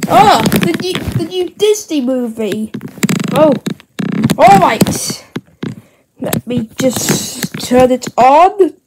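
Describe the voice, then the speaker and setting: Very high-voiced chatty woman, noisy recording. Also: drawn-out words. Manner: chatty, excitable, talks to her toys. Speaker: toy-play channel host. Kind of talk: casual toy reaction video. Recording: loud background hiss and clicks.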